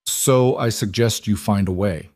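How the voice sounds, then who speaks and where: A man voicing a cold, controlled young man who gives orders in an even, commanding tone. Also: lowish voice, unhurried, no room sound, clean studio sound.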